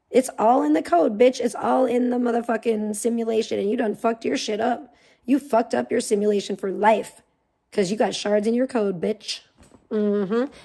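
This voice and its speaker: A woman's voice: a little high, gravelly, mellow. A woman hosting a livestream, delivering a profane, mocking rant of commentary. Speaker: livestream host.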